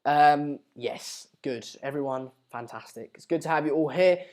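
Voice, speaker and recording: A man's voice: a little high, normal speed, darkish tone. A man hosting a live football watchalong, chatting casually and reading out viewer comments. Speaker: live stream host.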